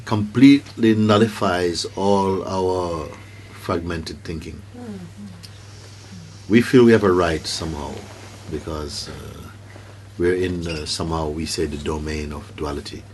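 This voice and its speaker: A man giving a spontaneous spiritual talk to a gathering, playful and teasing in an unhurried way. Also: deep voice, darkish tone, a little hiss or hum, low-quality recording. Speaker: spiritual teacher.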